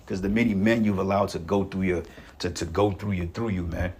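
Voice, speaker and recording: A man preaching in a blunt, rough-talking, profane rant. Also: deep voice, steady tone, a little fast. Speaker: online preacher.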